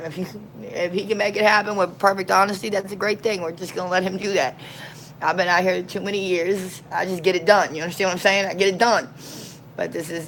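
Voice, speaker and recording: A woman street minister tells a long story in an animated, folksy way, full of slang. Her voice sits a little low. A faint hum of noise runs under it. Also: vocal fry, low-quality recording. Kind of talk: casual storytelling.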